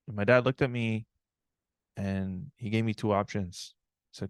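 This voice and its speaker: A man's voice: lowish voice, steady tone, normal speed, long pauses, no room sound, studio quality. A man giving a live online talk, telling a personal story in an earnest, reflective way and often checking in with "right?".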